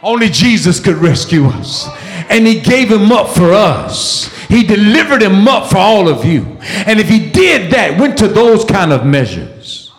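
A male preacher in full flight, his voice riding high and swinging wildly up and down. He calls to the congregation and builds to shouts. The sound rings around an echoey room. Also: sing-song, a little slow. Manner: fiery call-and-response preaching, rising to shouts. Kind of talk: sermon.

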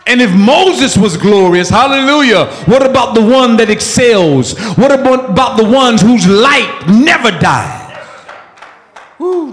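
A man preaching a sermon with fervor, shouting, peppering his lines with "uh" and exclamations of praise. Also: very high-pitched. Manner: fervent, shouting, with frequent "uh" and "woo, Jesus" exclamations. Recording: echoey hall.

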